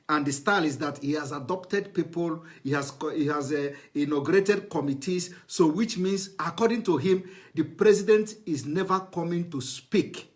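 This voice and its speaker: A man giving heated political commentary, scornful, repeating phrases and firing rhetorical questions at his viewers. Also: a little high. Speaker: online show host commenting on a TV clip.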